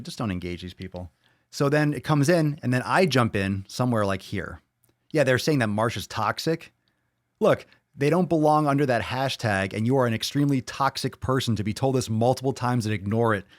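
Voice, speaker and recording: A man hosting a podcast, ranting angrily and mockingly with lots of swearing, jumping loud and high for emphasis. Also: no room sound, clean studio sound. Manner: profane, angry, mocking. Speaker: podcast host. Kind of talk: ranting solo commentary.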